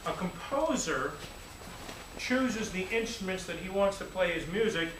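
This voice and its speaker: A man, a music teacher, giving a lively, playful classroom lecture full of demonstrations. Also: sits high, unhurried, noisy background. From United States. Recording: echoey room, distant mic, faint ambience.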